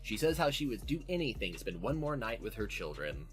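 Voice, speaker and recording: A man's voice: on the low side, very animated, fairly quick, soft background music. A man with a nasal voice hosting a casual podcast, recapping an episode in a profane, sardonic way. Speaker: podcast host.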